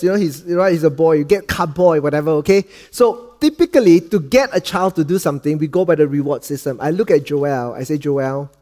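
Male preacher, middle-aged, Malaysian English accent, slightly high voice, storytelling sermon with dad jokes. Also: expressive, moderate pace. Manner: dips soft and low for quoted lines, cracks dad jokes.

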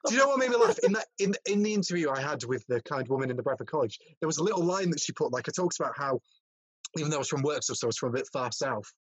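Young southern English man, quick and slightly husky, stutters through his sentences in a dry room. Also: fairly high pitch, expressive, no room sound, rough recording. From southern England. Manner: stammering, repeats words, fast-talking. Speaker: podcast host and filmmaker. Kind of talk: casual chat.

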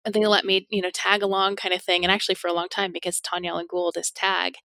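Animated middle-aged woman chatting on a podcast, keeps laughing, dry close sound. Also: on the low side, fast, creaky, no echo. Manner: animated, laughs often, acts out quoted speech. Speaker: podcast guest. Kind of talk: casual storytelling interview.

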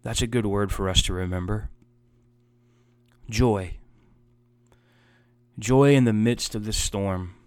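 A man's voice: fairly low pitch, takes it slowly, long pauses, dry recording. A man preaching a heartfelt sermon as a pastor, earnest and emotional, building emphasis through repeated phrases.

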